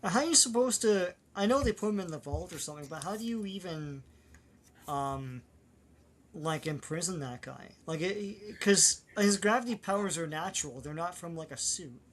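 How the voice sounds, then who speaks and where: A man with a slightly high voice trades wry, dry asides in a casual comic book chat. He chuckles at his own jokes. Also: lively intonation, normal speed, a bit bright.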